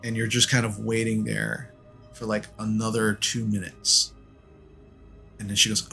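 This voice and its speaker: A man's voice: lowish voice, flat delivery, measured pace, creaky, pushed and bright, faint music behind. A man narrating a tabletop game as game master in a casual, loose way. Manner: casual, loose, many fillers.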